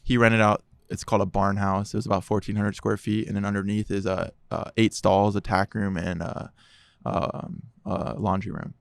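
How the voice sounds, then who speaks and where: A man sits at a podcast mic, sharing his personal testimony with animated energy and slipping into the voices of the people in his story. His voice sits low with a gravelly, fry-edged texture. The sound is close and dry, with no room around it. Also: moderate pace, dry recording. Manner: animated, acts out quoted dialogue. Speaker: podcast guest.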